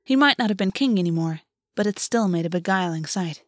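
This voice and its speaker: A woman narrating a novel in an even, measured audiobook reading. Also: medium pitch, no echo, studio quality. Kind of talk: scripted narration.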